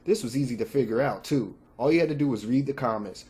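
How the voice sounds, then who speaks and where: A man's voice: medium pitch, brisk, hardly any pauses, a little mellow. Man talking straight to his viewers. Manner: direct, opinionated, talks straight to viewers. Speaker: channel host. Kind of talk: casual vlog commentary.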